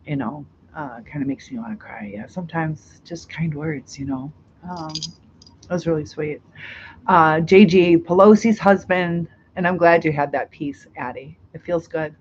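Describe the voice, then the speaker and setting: A woman's voice: low-pitched, highs cut off, slight background noise. A middle-aged woman hosting a casual live stream, reading out chat comments, chatty with frequent laughs and fillers.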